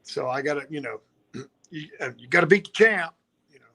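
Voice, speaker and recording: Laid-back coach guy rambling along, voice on the higher side. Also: animated, fairly quick, pushed and bright, husky. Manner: easygoing, rambling, trails off. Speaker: coach and co-host. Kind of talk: casual chat on a stream.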